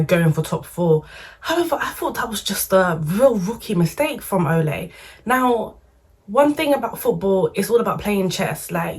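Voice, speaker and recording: A woman, talking football to her camera in a lively, slangy, opinionated way. Her voice sits a little low for a woman, and her delivery is casual and animated. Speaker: football vlogger.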